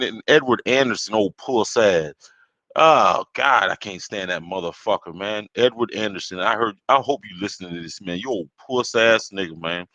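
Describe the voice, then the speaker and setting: Caribbean-born male podcast host, low forceful voice, angry swearing rant, dull dry lo-fi sound. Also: no echo. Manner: heated, swearing, rambling with repeats. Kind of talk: profane solo rant.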